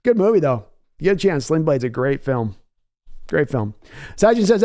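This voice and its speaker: A chatty, excitable man hosts a live sports reaction stream, reading viewer messages aloud and talking casually. His voice sits a little high for a man. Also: normal speed, pauses often, dry recording, studio quality.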